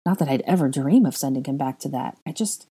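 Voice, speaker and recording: A woman's voice: very deep voice, expressive, brisk, dark tone, husky, exaggerated voice. A woman voicing a grieving, self-doubting young woman who sighs and hesitates, in a storybook reading. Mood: sorrowful. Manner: doleful, sighing, hesitant.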